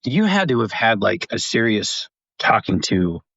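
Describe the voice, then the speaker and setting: A man's voice: fairly low pitch, sing-song, unhurried, fairly bright tone, husky, no echo, highs cut off. A man hosting a casual interview who playfully steers the talk. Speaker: podcast host.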